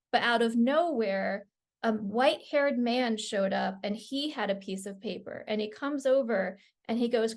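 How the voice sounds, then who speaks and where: A middle-aged woman, a guest author on a podcast, telling stories in casual conversation, animated and laughing often. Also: a little high.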